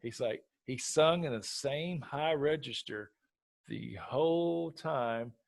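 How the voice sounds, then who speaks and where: A man's voice: mid-range voice, takes it slowly, vocal fry, dry recording. A man hosting a podcast, telling a story in a casual chat and acting out the quotes. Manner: animated storyteller, acts out quotes. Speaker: podcast host.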